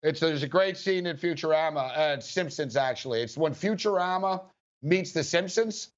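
A man's voice: a little high, expressive, normal speed. A man hosting a sports betting talk show, telling a rambling story between laughs. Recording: dull lo-fi sound.

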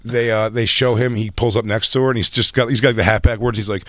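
A man's voice: lowish voice, steady tone, fast, a bit bright, dry recording. A man hosting a casual podcast, telling a story and acting out what people said. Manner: storytelling, acts out quotes. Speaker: podcast host. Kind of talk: casual chat.

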